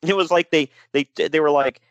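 A man co-hosting a casual podcast chat, animated and jokey, slipping into mock voices. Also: a little high, normal speed, no room sound, dull audio. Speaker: podcast co-host.

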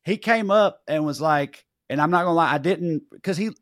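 A man's voice: fairly high pitch, moderate pace, no echo, clean studio sound. A man co-hosting a podcast, telling a story in casual chat, cursing freely and acting out what people said. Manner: profane, animated storyteller acting out quotes. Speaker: podcast co-host.

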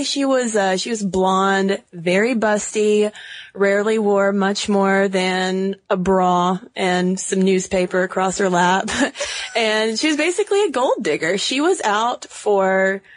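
A woman's voice: medium pitch, dry recording. A woman co-hosting a podcast in casual chat, laughing often and using plenty of fillers. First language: English. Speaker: podcast co-host.

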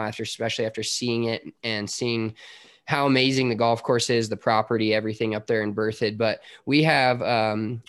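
A man's voice: medium pitch, fairly bright tone, no echo, studio quality. Casual male podcast host, mid-range voice, upbeat and chatty.

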